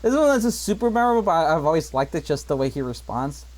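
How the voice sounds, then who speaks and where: A man's voice: a little high, big pitch swings, quick pace, low-quality recording. A man hosting a casual podcast, swearing freely and laughing often. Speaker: podcast host. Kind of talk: casual chat.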